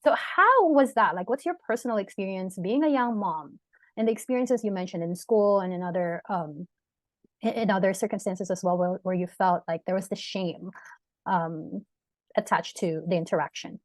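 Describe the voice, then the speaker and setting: A woman's voice: medium pitch, normal speed, dry recording. A middle-aged woman hosting a casual interview, asking chatty, playful follow-up questions. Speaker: podcast host.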